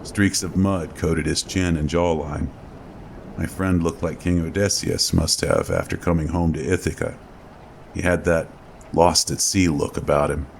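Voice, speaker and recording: A man narrating a horror story in a slow, measured reading. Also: rumbling low, creaky, a little hiss or hum. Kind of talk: scripted narration.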